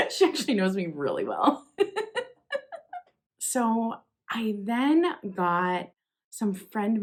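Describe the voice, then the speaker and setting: A young woman, chatting casually as she opens packages, gushing with excited exclamations. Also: mid-range voice. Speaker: vlogger. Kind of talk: casual unboxing chat.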